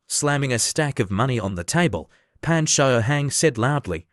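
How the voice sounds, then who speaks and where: A man narrating an anime story recap in a steady, even, scripted delivery. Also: medium pitch, normal speed, hardly any pauses, no room sound, studio quality.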